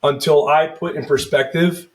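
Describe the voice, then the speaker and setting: A man's voice: on the high side, fairly even intonation, moderate pace. A man in his thirties hosting a casual podcast as a first responder, telling profane, rambling stories and slipping into mock voices. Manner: profane, loose storytelling that slips into mock voices.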